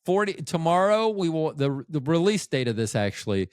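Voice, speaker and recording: A man's voice: a little high, sing-song, normal speed, a little mellow, clear, resonant tone, no echo, clean studio sound. A middle-aged man recovering from a stroke, hosting a podcast in a rambling, profane, self-interrupting monologue that often loses its thread. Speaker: podcast host.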